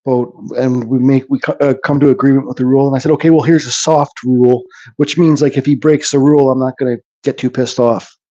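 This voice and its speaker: A man's voice: mid-range voice, steady tone, fairly quick, mellow. Rambling, blunt man, muffled lo-fi sound. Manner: rambling, blunt, swears freely, answers chat by name. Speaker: woodcarving channel host. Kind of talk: casual chat to live viewers while carving.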